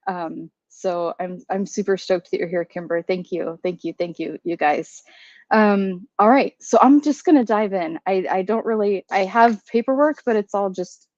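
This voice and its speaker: A woman's voice: mid-range voice, normal speed, darkish tone, dry recording. A woman who owns a candle brand, hosting a casual livestream and greeting viewers by name in a flustered, chatty way. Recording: slightly dull, dry livestream audio.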